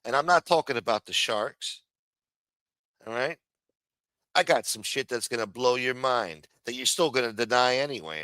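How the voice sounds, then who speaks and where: Profane, sarcastic New livestream host. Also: male voice, medium pitch, animated, moderate pace, pushed and bright, clear, resonant tone, no echo, studio quality. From New York. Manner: crude, sarcastic, rambling rants. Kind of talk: profane ranting livestream chat.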